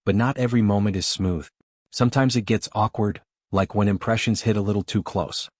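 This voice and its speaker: Dry, measured male voice-over. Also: on the low side, a little mellow, no echo. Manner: measured, dramatic build-up. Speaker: narrator. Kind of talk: scripted voice-over narration.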